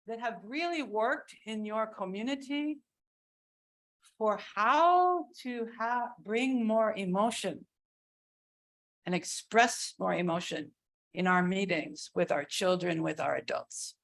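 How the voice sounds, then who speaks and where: A woman giving a keynote talk on religious education, earnest and deliberate, stretching words for emphasis. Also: on the high side. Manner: earnest, slow, with drawn-out emphasis; sings and acts out cries while teaching. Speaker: keynote speaker.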